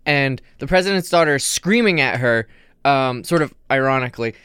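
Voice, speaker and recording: A man on a casual podcast, retelling a movie plot in animated detail with lots of fillers. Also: medium pitch, normal speed, clear, resonant tone, dry recording, studio quality. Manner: animated storyteller, many fillers. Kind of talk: casual chat.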